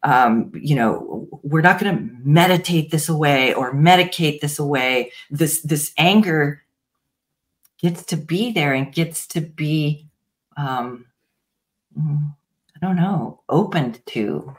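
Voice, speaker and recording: Slow-spoken, low-voiced woman therapist. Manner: gentle, unhurried, with many pauses and restarts. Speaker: IFS practitioner, guest. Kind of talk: explanatory interview talk.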